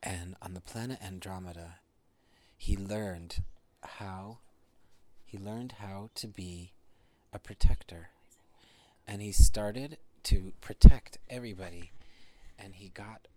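Soft-spoken man telling a bedtime story. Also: deep voice. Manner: soft, half-whispered, pausing.

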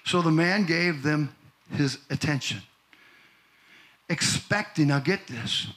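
Pastor guy preaching to his church, kinda high voice, gets loud and shouty. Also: slow. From Missouri. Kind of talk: sermon. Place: church in front of a congregation.

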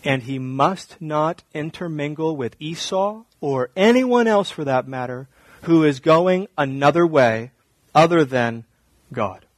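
A man, a pastor, preaching a sermon, shifting from quiet reflective teaching to loud mocking mimicry. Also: on the high side, no echo.

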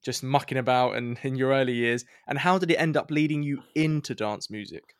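A man's voice: mid-range voice, a little fast, smooth, no room sound, studio quality. A man with an East London accent hosting a podcast interview, jokey and bantering freely. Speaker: podcast host. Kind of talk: casual interview chat.

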